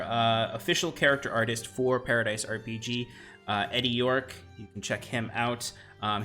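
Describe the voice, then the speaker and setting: A man's voice: medium pitch, sharp tone. A man hosting a live tabletop stream, reading out announcements in a rambling way full of fillers. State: out of breath. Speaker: stream host.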